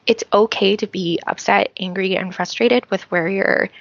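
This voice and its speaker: Earnest woman with a gravelly edge. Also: mid-range voice, fairly even intonation, moderate pace, no echo, highs cut off. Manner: earnest and heartfelt, with many fillers. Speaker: author and podcast guest. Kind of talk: podcast interview conversation.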